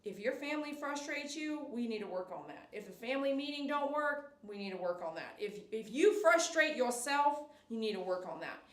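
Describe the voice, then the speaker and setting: Woman, middle-aged, dog groomer, emphatic coaching tone, fairly high voice, distant mic, echoey salon. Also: animated, fairly quick, few pauses, a bit bright. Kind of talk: live-stream grooming chat and advice.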